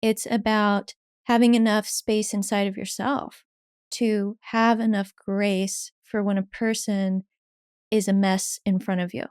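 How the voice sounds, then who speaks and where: A woman therapist as a podcast guest, speaking candidly and with energy, quoting people in lively voices. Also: mid-range voice, clean tone, no echo, clean studio sound. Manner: candid and lively, quick bursts, laughs, acts out quotes. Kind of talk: casual conversation.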